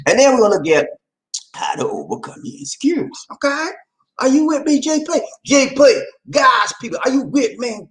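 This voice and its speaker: Guy chatting live about relationships, really animated, voice swings all over, keeps calling out to the viewers. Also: high-pitched, fast talker, low-quality recording. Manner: animated, repeats phrases, calls out to viewers. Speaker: relationship talk host. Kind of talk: casual live-stream talk.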